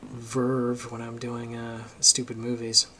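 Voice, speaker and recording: A man's voice: medium pitch, completely flat delivery, slow, pushed and bright, slight background noise. A man giving a casual, emphatic opinion monologue for his video channel, getting worked up as he argues his point. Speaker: political commentary vlogger.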